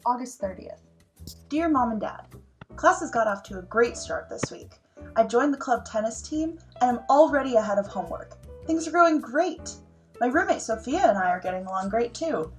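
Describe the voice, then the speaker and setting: A woman's voice: fairly high pitch, expressive, normal speed, soft background music, natural voice. A woman playing a cheery college girl writing home. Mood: earnest letters. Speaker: improv performer. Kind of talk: comic monologue reading letters.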